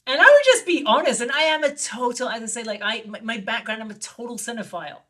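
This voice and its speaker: A woman filmmaker telling an anecdote in an interview, animated and acting out the voices of the people she quotes. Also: fast. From lived in Barcelona. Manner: animated, acts out quoted voices with big pitch jumps. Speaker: guest filmmaker. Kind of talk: storytelling in an interview.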